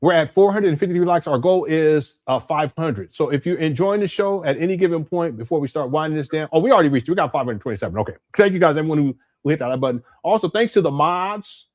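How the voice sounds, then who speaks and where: A man's voice: on the high side, a little mellow, no room sound, clean studio sound. A man hosting a live stream, giving blunt, emphatic commentary and reading viewer super chats aloud, often repeating words as he restarts.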